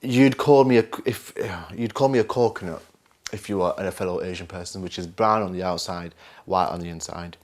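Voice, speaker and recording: A man with a Northern English accent, an actor talking candidly in an interview, animated and self-mocking. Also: low-pitched, fairly quick. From north of England. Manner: animated, self-mocking, acts out other voices.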